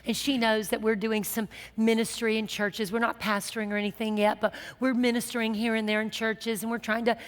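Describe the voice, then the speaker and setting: A woman with a fairly high voice recounts her own story with humor and energy, laughing at herself as she goes. She talks like a minister and host sharing testimony in relaxed conversation. A long reverb trails after her words, as if she were in a hall. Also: brisk, hardly any pauses. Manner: lively, laughing, self-mocking storyteller. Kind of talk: storytelling testimony in casual chat.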